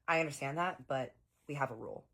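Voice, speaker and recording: Calm rich dude, low, soft and careful, woman doing his voice. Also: fast talker.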